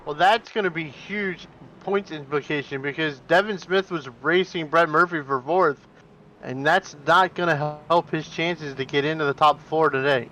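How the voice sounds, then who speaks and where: A man co-commentating a sim race, rambling with restarts and deadpan jokes. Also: fairly high pitch, normal speed, slight background noise.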